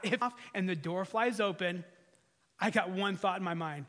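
Pastor, male, higher-pitched voice, conversational sermon delivery with lifts for emphasis and soft low drops, long hall reverb. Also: moderate pace. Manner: conversational preaching, rising for emphasis then dropping low and soft.

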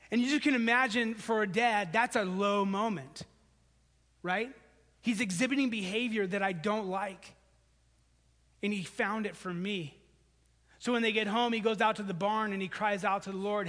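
High-voiced preaching man in a reverberant hall. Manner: conversational preaching, rising for emphasis then dropping low and soft. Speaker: pastor. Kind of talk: sermon.

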